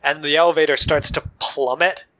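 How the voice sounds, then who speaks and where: A man narrating a tabletop game as game master, describing scenes in a wry, measured way. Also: on the high side, steady tone, bright, forceful tone. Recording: dull lo-fi mic.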